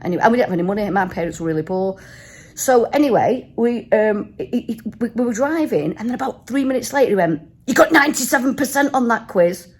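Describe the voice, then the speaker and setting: A woman's voice: medium pitch, lively intonation, quick pace, warm tone. A woman in her fifties, a travel vlogger, tipsy and telling stories animatedly in a hotel room, swearing freely. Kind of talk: casual storytelling vlog.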